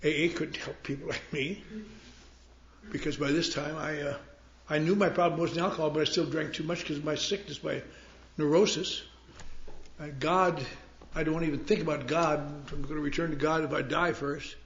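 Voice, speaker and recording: A man's voice: on the high side, fairly even intonation, moderate pace, a little hiss or hum. A man telling his story with wry, self-mocking humor at a recovery meeting. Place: meeting hall. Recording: roomy, dull live recording.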